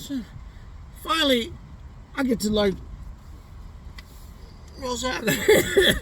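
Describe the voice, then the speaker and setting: A man's voice: on the high side, sharp tone, recorded from a distance, slight background noise. A middle-aged man casually telling a funny childhood story in loose, profane slang, often tossing in "you know what I'm saying.". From US Pacific Northwest. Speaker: vlogger.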